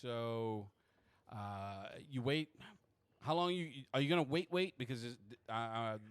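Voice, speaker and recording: A man narrating a tabletop game as game master, with many halting restarts. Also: mid-range voice, clean tone, dry recording.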